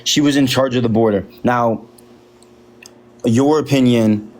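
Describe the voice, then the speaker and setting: A man's voice: medium pitch, fairly even intonation, measured pace, darkish tone. A man calling in as a guest, polite and hesitant, stumbling over his words. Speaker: caller guest. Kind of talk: casual live-stream conversation.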